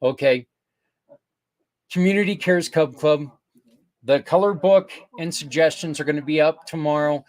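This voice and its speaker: An older man hosting a podcast, earnestly pitching community partners in a rambling, casual way with many restarts. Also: normal speed, pauses often, a little mellow. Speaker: podcast host. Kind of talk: casual promotional talk.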